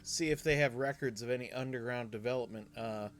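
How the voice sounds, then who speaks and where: A man's voice: medium pitch, a little fast, a crowd in the background. A man with a Southern US accent, talking politely as a tabletop game player.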